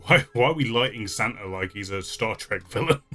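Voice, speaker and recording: Man, reaction video host, chatty, laughs often, lowish bright voice, faint music behind. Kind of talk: casual movie reaction commentary.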